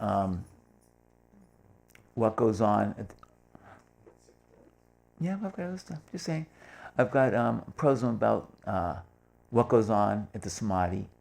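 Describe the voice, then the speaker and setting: Older guy rambling through a talk, low gravelly voice, lots of ums and restarts. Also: darkish tone. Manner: rambling, many fillers and restarts, acts out quoted voices. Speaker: speaker giving a talk. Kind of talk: informal talk with anecdotes.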